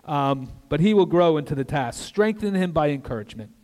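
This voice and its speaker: An older man preaching an earnest sermon as a guest pastor in a church, with conversational asides and soft drops for emphasis. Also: a little high, animated, brisk. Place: church sanctuary. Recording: long reverb of a church hall.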